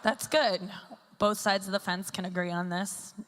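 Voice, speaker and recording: She's a stand-up comedian in her thirties, speaking at medium pitch and a moderate pace with fairly even intonation and a slightly bright tone. Using a stage mic in a large hall, she rambles self-deprecatingly with plenty of fillers, and the live venue gives long reverb.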